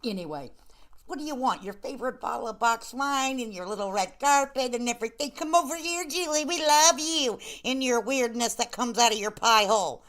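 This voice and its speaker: A woman's voice: on the high side, expressive, brisk, fairly bright tone. A woman hosting a casual live-stream commentary, talking in a sassy, blunt, teasing way. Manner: sassy, blunt, playful scolding.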